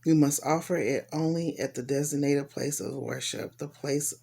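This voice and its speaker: A woman's voice: sits low, normal speed, vocal fry, warm tone, slightly rough. A woman giving an earnest, heartfelt devotional reflection and reading scripture aloud, often repeating her phrases. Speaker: Bible reader.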